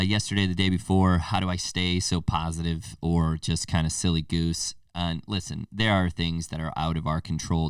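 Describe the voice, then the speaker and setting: Young guy with a deep voice doing a rambling swear-y podcast bit, dry sound, mic a bit far off. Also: clean tone, no room sound. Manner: rambling, swearing, self-mocking, puts on silly voices for others. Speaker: podcast host. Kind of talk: casual comedic monologue.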